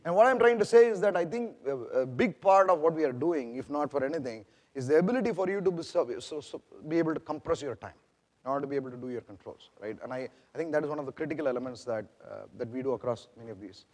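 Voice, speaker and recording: A man's voice: fairly high pitch, animated, fast talker, darkish tone. A man with an Indian accent giving a conference presentation, talking conversationally with many restarts and questions to the audience. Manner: conversational, frequent restarts and "right?" checks to the audience. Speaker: product manager presenting at a conference. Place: large conference hall. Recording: long echo of a conference hall.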